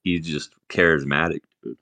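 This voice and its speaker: A man's voice: a bass voice, steady tone, moderate pace, creaky, pushed and bright. A man, a podcast co-host, insistently arguing his point in casual banter. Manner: insistent, keeps saying dude.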